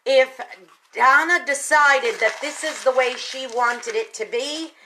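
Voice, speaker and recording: Bright-voiced woman telling a story. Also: high-pitched, slow pace, a little hiss or hum, rough recording. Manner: expressive, retells dialogue with lively emphasis; folksy, addresses listeners directly. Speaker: radio station general manager. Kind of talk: storytelling radio talk segment.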